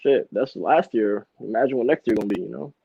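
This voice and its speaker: A man's voice: mid-range voice, quick pace, vocal fry, slightly rough, dry recording. A man chatting as a rapper on a podcast, laid-back and full of slang, laughing often. The room is dry and dead. The recording is dull and lo-fi. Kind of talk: casual chat.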